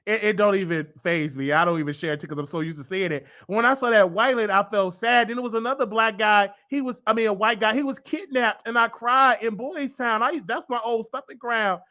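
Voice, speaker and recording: A man's voice: high-pitched, a little fast, hardly any pauses, sharp tone. A man hosting a casual comedy talk show, talking in a boastful, over-the-top way. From Chicago. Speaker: show host.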